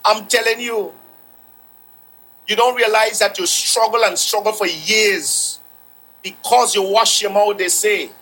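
A man's voice: high-pitched, fairly even intonation, measured pace, bright, forceful tone, breathy edge, rough recording. A man preaching a sermon, repeating phrases for emphasis and quoting scripture.

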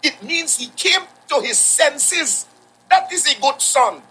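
A man's voice: extremely high pitch, expressive, takes it slowly, bright, forceful tone, rough recording. A man preaching a sermon, repeating phrases for emphasis and quoting scripture.

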